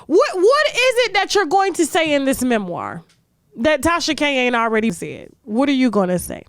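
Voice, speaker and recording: A woman's voice: high voice, sing-song, moderate pace, no room sound, clean studio sound. A woman hosting a gossip commentary show, ranting in a brash, profane, rhetorical way. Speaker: host.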